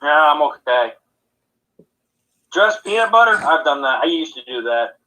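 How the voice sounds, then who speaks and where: Bright-voiced chatty man, casual podcast. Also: on the high side, very animated, moderate pace, low-quality recording. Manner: rambling, chatty, laughs easily. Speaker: podcast co-host. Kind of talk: casual chat.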